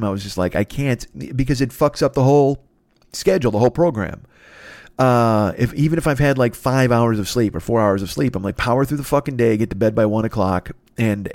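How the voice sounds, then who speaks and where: A man's voice: on the low side, darkish tone, no room sound. A man hosting a podcast alone, rambling in a profane, self-deprecating way, tired and a little stuffed up. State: stuffy nose, tired and yawning. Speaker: podcast host. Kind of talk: solo rambling monologue.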